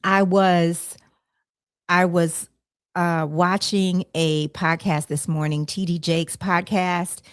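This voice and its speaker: A woman's voice: lowish voice, flat delivery, slow pace, clear, resonant tone, no echo, studio quality. A woman hosting a podcast, talking casually over a video call, rambling with many fillers and self-corrections. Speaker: podcast host. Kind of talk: casual conversation.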